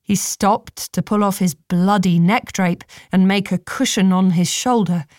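Steady woman reading a fantasy audiobook. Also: medium pitch, no room sound, clean studio sound. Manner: measured, steady storytelling. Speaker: narrator. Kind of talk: audiobook narration.

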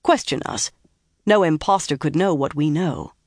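An audiobook narrator voicing a proud woman who speaks crisply. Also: medium pitch, normal speed, dry recording, clean studio sound, close to an everyday voice.

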